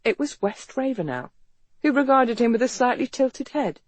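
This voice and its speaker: An audiobook narrator reading a period romance novel in an even storytelling manner. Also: fairly quick, no room sound. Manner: even storytelling read with lively pitch.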